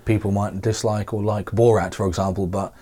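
A man with a croaky, smoker-like voice, chatting casually about films on a podcast. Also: on the low side, steady tone, a crowd in the background. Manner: quick interjections, finishes the other's sentences.

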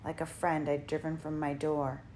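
A woman voicing a weary old woman longing for rest, quiet and resigned, in an audiobook. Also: low voice, level tone, normal speed, a little hiss or hum, close to an everyday voice.

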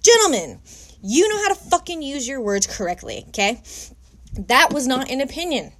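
A woman's voice: high voice, big pitch swings, normal speed, fairly bright tone. A young woman delivering an angry personal rant to camera, heated, emphatic and full of swearing. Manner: heated, profane, emphatic ranting.

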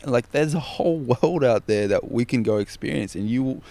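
A man hosting a casual podcast conversation, earnest and quick to agree. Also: mid-range voice, animated, mellow. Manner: earnest, short agreeing replies.

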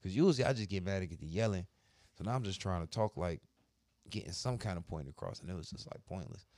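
A man with a fairly low voice tells crude stories in a blunt, profane, offhand way, getting heated as he retells his arguments. He works as a barber and co-hosts a casual podcast. The recording is dry, with no room sound. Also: expressive, fast, a little mellow, no room sound. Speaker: podcast co-host.

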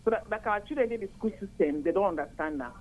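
An older woman from Nigeria with a Nigerian accent, calling in to a radio chat and explaining at length, earnest and steady. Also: mid-range voice, quick pace, phone-quality sound. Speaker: caller.

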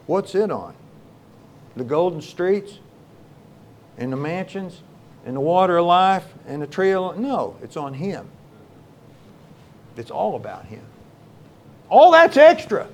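High, lively-voiced preaching pastor. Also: male voice, a little slow, long pauses. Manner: impassioned preaching, swings between loud exclamations and quiet low lines. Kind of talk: sermon.

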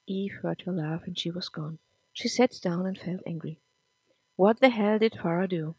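A woman's voice: lowish voice, moderate pace, a little mellow, husky, no room sound. Woman narrating a story, dry and close. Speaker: podcast narrator. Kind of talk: scripted audiobook narration.

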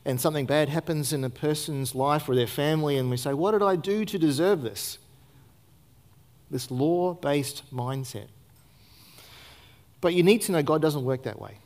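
Earnest male pastor preaching a sermon. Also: a little high. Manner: earnest, asks rhetorical questions to the congregation; emphatic, rises and drops in loudness for stress. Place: church service.

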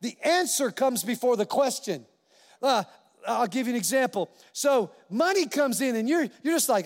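A man preaching a sermon as a pastor, animated storytelling and acting out the voices in his quotes. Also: very high-pitched, moderate pace, long reverb tail.

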